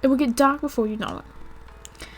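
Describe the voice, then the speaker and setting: Une femme lisant un jeune héros amical. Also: female voice, high voice, normal speed. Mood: friendly. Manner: reads lines in her own voice.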